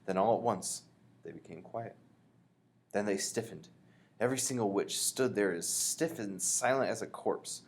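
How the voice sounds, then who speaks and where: A man reading a children's book aloud, expressively, pausing to explain. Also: lowish voice. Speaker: reader.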